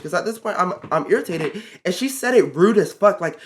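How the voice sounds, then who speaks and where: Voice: mid-range voice, expressive, fairly quick. A teenage vlogger telling a casual storytime, rambling with lots of fillers and swearing.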